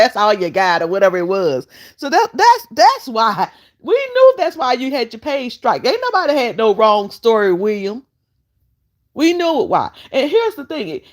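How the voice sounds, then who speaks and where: A woman hosting a casual live stream, fussing at her guest and chatting to her viewers. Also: on the high side. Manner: sassy, fussing, talks straight to chat. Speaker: vlogger host.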